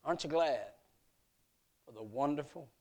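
A male preacher giving a sermon at a youth meeting, telling a story with emphatic swells and soft drops. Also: on the high side, animated, normal speed. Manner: emphatic storytelling that rises and falls.

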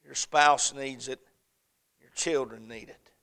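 A man preaching a sermon, swinging between loud emphatic peaks and soft, hushed lines, repeating phrases in a preaching cadence. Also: medium pitch, fairly even intonation, takes it slowly.

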